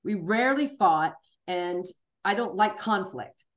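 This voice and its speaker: A woman stand-up comic telling a personal story in a frank, animated way, swearing freely and acting out the voices of the people in it. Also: medium pitch, measured pace. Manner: animated, acts out voices and screams in the retelling. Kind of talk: storytelling interview.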